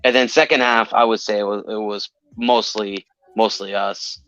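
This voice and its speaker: A man's voice: lowish voice, fairly even intonation, moderate pace, a bit bright, smooth, no echo, faint music behind. Chatty man on a lo-fi call-in line. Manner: chatty, repeats himself, many fillers. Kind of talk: casual call-in chat. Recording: dull lo-fi sound.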